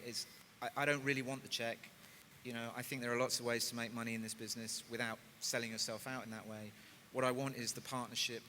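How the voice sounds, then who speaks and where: Brief: male industry panelist, mid-pitched, bright and forceful, measured, roomy hall. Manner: thoughtful, measured. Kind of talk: panel discussion. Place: conference stage in a large hall. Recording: hall reverb, faint noise.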